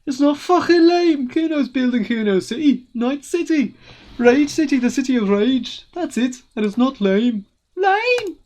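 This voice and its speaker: A high, brash boy's voice, put on by a woman reading a game aloud, swaggering and foul-mouthed, swinging up and down as he talks about himself in the third person. He sounds cocky and defiant. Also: sing-song, normal speed, a little mellow. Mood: aggressive.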